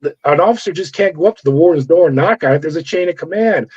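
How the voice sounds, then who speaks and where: A man's voice: a little high, animated, fast, darkish tone, breathy edge. A middle-aged man from California, a former corrections officer, telling his story in an interview and acting out the voices of the people in it. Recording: dull lo-fi audio.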